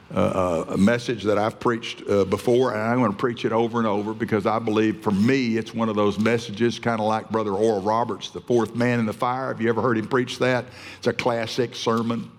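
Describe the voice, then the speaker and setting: Fervent male preacher in a reverberant hall. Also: on the low side. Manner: fervent, emphatic, with frequent restarts. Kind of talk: sermon.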